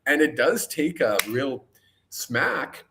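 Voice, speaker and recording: A man hosting an interview, reflecting in a relaxed, conversational way with frequent pauses on "um" before asking his guest a question. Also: medium pitch, creaky, slight background noise. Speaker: host. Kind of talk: casual interview chat.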